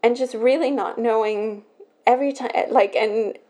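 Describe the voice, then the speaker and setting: A young woman on her own podcast, talking through something personal in an emotional, halting way, full of restarts. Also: on the high side, steady tone, warm tone. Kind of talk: personal confessional talk.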